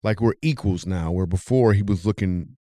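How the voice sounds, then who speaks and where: Animated storytelling man, dry sound. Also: moderate pace, no echo. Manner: animated, jumps high when telling the punchline. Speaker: comedian and podcast host.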